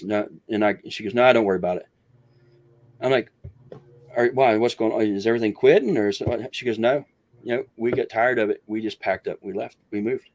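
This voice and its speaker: A man's voice: fairly low pitch, darkish tone. A man telling a long story as a guest in an interview, rambling with many restarts and acting out what others said. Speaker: guest researcher.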